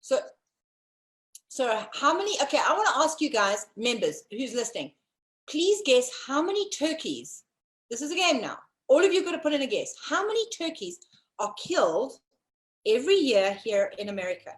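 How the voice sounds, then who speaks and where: A woman's voice: high voice, sing-song, normal speed. A woman from South Africa co-hosting a casual live-streamed talk show, chatty and teasing. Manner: chatty, teasing, addresses viewers.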